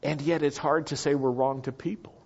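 A man preaching a sermon, slow and deliberate, repeating key phrases for the congregation to say back. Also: on the high side, steady tone, creaky, darkish tone, husky, dull audio. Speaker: pastor.

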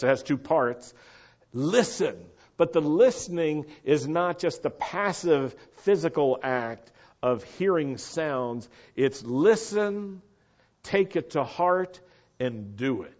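An American man preaching a sermon, earnest and emphatic, slowing down to stress his key points. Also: medium pitch, darkish tone, muffled recording.

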